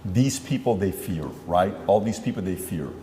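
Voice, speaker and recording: A man's voice: deep voice, animated, moderate pace, mellow, in a large hall, slight background noise. A man hosting an interview, rambling through long setups and acting out dialogue between questions. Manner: rambling, acts out dialogue, many fillers. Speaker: interview host.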